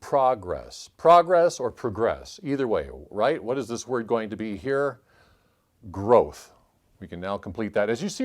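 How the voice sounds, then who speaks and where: A man talks through a word puzzle, thinking aloud in a calm, measured way. He calls out letters and clue numbers one by one as he solves along with the listener. His voice sits at an ordinary middle pitch for a man. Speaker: puzzle-solving channel host.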